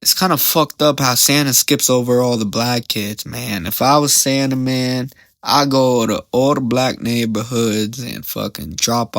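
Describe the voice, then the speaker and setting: A man's voice: mid-range voice, fairly even intonation, a little slow, creaky, a bit bright, no echo. A young man hosting a podcast, telling a story in a rambling, slang-heavy way and often getting sidetracked. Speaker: podcast host.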